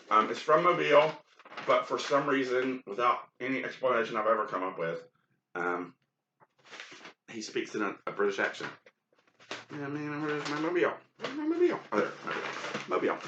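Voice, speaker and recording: A man's voice: fairly low pitch, bright, forceful tone, a little hiss or hum. Chatty man rambling over old photos. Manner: chatty, frank, lots of ums and asides. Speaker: podcast host sorting old photos. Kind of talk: casual rambling monologue. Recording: dull, lo-fi, roomy sound.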